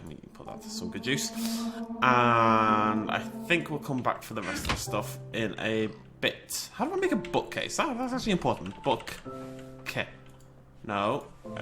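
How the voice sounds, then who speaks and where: A young man with a cold, hosting a casual game commentary, chatty and self-mocking, jumping to high yelps when startled. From United Kingdom. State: has a cold. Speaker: gaming channel host. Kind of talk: casual Minecraft let's play commentary.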